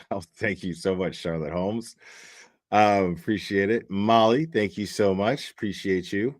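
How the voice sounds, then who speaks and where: Low-pitched guy streaming, chatty and cursing, thanking chat. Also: a little slow. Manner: chatty, profane, thanks donors by name. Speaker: livestream host. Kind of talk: casual livestream commentary.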